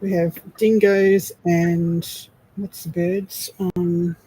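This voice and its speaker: A woman's voice: lowish voice, little pitch movement, very slow, mellow, slightly rough, low-quality recording. An Australian woman co-hosting a casual craft livestream, chatty and searching aloud for words. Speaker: co-host. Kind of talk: casual chat.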